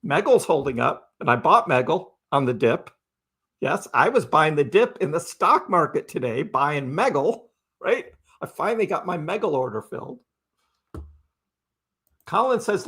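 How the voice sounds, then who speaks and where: Chatty crypto livestream host, high-ish voice. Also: male voice, very animated, unhurried, a bit bright, breathy edge. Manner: chatty, repeats phrases, peppers with "right?"; talks back to chat commenters. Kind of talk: casual livestream commentary.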